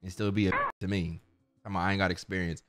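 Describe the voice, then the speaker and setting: A man's voice: sits low, level tone, racing, faint music behind. A young man streaming a video game, chatting casually and full of slang while he reads the game's dialogue aloud. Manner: slangy, rambling, says bro constantly. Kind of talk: casual gameplay commentary.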